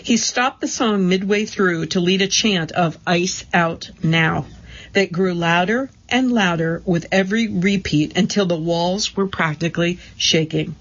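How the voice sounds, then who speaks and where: A woman giving a steady, measured scripted narration of magazine articles. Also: lowish voice, muffled recording.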